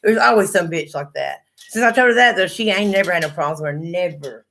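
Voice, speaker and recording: Lady ranting on her livestream, cussing a lot, kinda low voice, middle-aged. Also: a little fast, vocal fry, fairly bright tone. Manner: blunt, profane storytelling. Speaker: livestream host. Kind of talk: casual chat.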